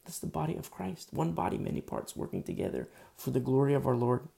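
A man's voice: medium pitch, sing-song, quick pace, vocal fry, mellow. A man preaching a conversational sermon in a casual, earnest way, full of fillers. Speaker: pastor.

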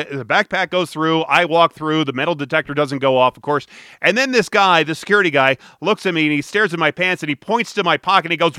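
A man's voice: fairly high pitch, sharp tone, clear, resonant tone, dry recording, studio quality. A man hosting a podcast who tells stories casually, rambling and cutting himself off, with an amused tone. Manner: rambling, self-interrupting, amused. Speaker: podcast host. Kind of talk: casual storytelling monologue.

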